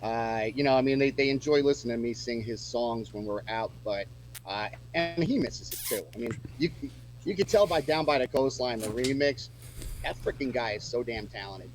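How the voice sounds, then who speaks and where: A man's voice: medium pitch, normal speed, a little hiss or hum, low-quality recording. A man chatting casually as a musician guest on a radio show, rambling with lots of fillers and restarts.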